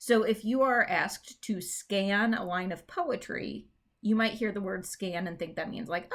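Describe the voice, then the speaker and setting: A woman's voice: medium pitch, a little slow. A woman English teacher giving a casual recorded class lecture, chatty and full of fillers, with dry self-mocking humor, leaning hard on syllables to demonstrate stress. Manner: exaggerates word stress to demonstrate.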